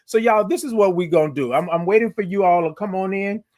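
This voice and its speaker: Streaming from his phone in the morning, a man who sits high keeps the chat lively and cheerful. Viewer comments get read aloud, and each "good morning" stretches out into an extended, animated singsong greeting.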